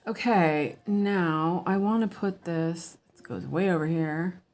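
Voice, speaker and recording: Slow-talking woman chatting while stitching. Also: on the low side. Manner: chatty and rambling, with restarts and quiet muttering to herself while she works. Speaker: cross-stitch designer and streamer. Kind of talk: casual chat while stitching, answering viewer comments.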